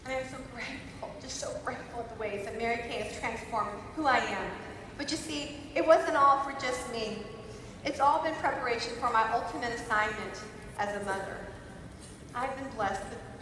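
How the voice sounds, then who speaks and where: Emphatic woman conference speaker, high pitch, heard distantly in a reverberant hall. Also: normal speed, background noise. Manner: emphatic, swings from shouting to soft. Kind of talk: motivational speech. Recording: echoey hall, voice from far off.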